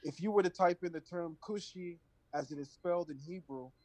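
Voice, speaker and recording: A man speaking as a show guest, explaining in a measured way with some fillers. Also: fairly high pitch, a little mellow, no echo, rough recording. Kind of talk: casual talk show remarks.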